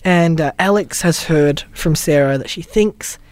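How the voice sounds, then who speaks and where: Man with a high voice, laid-back, jokey, casual podcast recap, dry close mic. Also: unhurried, dry recording. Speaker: podcast co-host. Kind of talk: casual chat.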